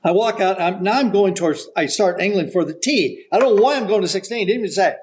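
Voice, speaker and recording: An older man, a golf broadcaster guesting on a podcast, telling an animated story and acting out the voices of the people in it. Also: sits high, fast talker, a little hiss or hum, low-quality recording. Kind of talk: storytelling anecdote.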